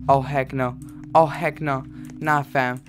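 A man's voice: mid-range voice, little pitch movement, slow, over music. A male gaming YouTuber giving jumpy horror gameplay commentary, repeating frightened exclamations.

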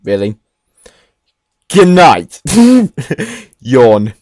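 A man's voice: a little high, big pitch swings, very slow, darkish tone, no room sound, studio quality. Jumpy young man playing a horror game. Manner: jumpy, swearing, nervous laughter. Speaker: let's play gamer. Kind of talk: horror game commentary and reading dialogue aloud.

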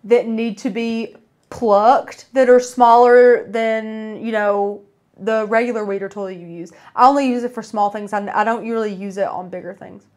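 A woman's voice: on the high side, steady tone, normal speed, a little mellow. A woman with a Southern US accent, co-hosting a casual crafting livestream, chatty and self-teasing as she reads viewer comments aloud. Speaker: co-host.

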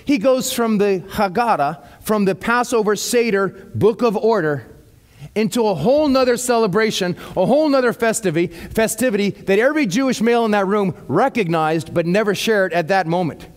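A male pastor giving a sermon. He reads scripture slowly, then breaks off into lively, casual asides. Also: high-pitched.

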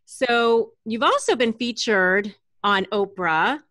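A woman's voice: a little high, lively intonation, slow, a bit bright, dry recording, clean studio sound. A middle-aged woman hosting a podcast interview, friendly and enthusiastic, with frequent ums and restarts. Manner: friendly, enthusiastic, hesitant with fillers. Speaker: podcast host.

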